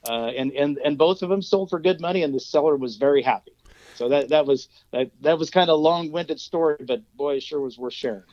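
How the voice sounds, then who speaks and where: A man's voice: fairly high pitch, fairly quick, darkish tone, no room sound. A man, a region manager, telling a long work story in a podcast interview, with many fillers and repeated words. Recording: dull, dry lo-fi sound.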